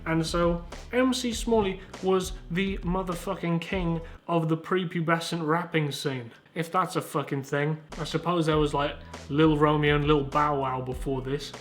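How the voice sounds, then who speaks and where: A man's voice: a little high, steady tone, moderate pace, faint music behind. A man in his twenties with a Southern English accent, hosting a casual comedic commentary in a rambling, sweary, self-mocking way. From Southern England. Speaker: YouTuber host.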